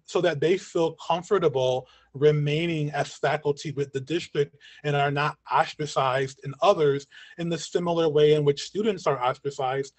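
A man speaks in an earnest lecturing voice that sits a little high, checking in with listeners again and again with a quick "right?". His voice is wearing thin as he goes on. It comes over a video call, dry and close, with no room echo at all. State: losing his voice. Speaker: community educator and guest speaker. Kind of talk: online lecture. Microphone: video call mic.

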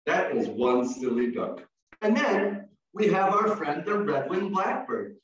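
Man, high voice, theatrical animal calls, echoey, far off. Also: big pitch swings, measured pace. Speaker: early childhood educator presenting. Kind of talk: animated demonstration for teachers. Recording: far from the mic, echoey and dull.

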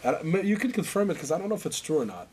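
A man telling animated stories in a casual interview, acting out other people and laughing as he goes. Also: a little high, racing, slightly rough. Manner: animated, acts out voices and laughs through stories.

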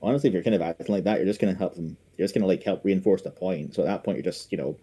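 A man's voice: sits low, rapid-fire, mellow, breathy edge. A man chatting on a podcast, rambling and hesitant with frequent laughs. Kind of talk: casual podcast chat.

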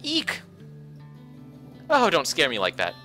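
A man's voice: lowish voice, lively intonation, fast, bright, forceful tone, heavily acted. Man reading as a wistful young woman in love. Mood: eager. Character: young woman waiting for her sailor love. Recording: faint music behind.

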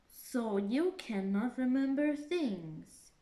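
A stern, touchy caterpillar from a children's storybook, asking curt questions, as a woman reader puts it on. The voice is high and measured. It is heard in a room with a clear echo. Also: expressive, mellow. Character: stern, grumpy caterpillar, quick to anger.

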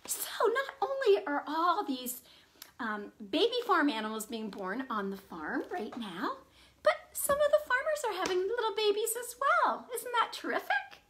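A woman librarian leading a children's storytime from home, animated and full of gasps as she talks to young kids. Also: very high-pitched, a little hiss or hum.

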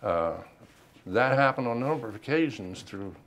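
An older man, a veteran, recounting his life in an oral history interview, unhurried and reflective with frequent pauses. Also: medium pitch, expressive, a bit bright.

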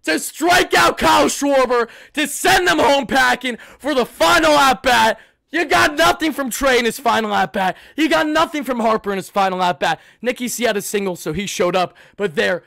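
A man hosting an emotional postgame livestream, shouting with excitement and fighting back tears. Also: very high-pitched, normal speed, creaky, no echo. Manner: excitable, shouting, swings between yelling and hushed emotion. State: close to tears. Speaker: sports fan livestream host.

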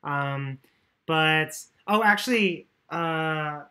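A woman's voice: deep voice, very slow, pushed and bright. A woman giving a loose, joking lecture, often correcting herself and swearing casually. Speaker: course lecturer.

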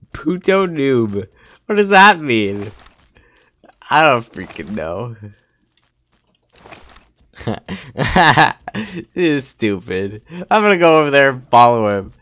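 A man's voice: medium pitch, very animated, slow, long pauses, fairly bright tone. A young man giving casual gameplay commentary, taunting other players and laughing often. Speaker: gaming YouTuber. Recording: faint game noise behind.

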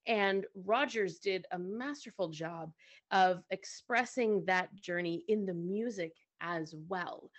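Woman explaining music, chatty and patient. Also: medium pitch. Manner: conversational, often checks in with "right?". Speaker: co-host and music teacher.

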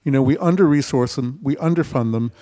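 A man speaking as an investor on a festival panel discussion, talking with lively storytelling and acting out quotes. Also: medium pitch, fast. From United States. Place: festival stage.

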